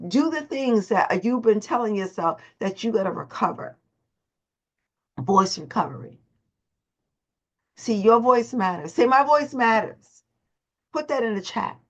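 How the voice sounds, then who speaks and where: A woman leading a motivational morning call, emphatic and repeating her phrases. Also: mid-range voice. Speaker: host and voice coach. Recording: dull lo-fi call audio.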